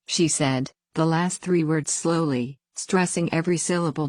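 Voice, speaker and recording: Female story reader, very low voice, dry close sound, plain even first-person narration. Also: normal speed, few pauses, dry recording.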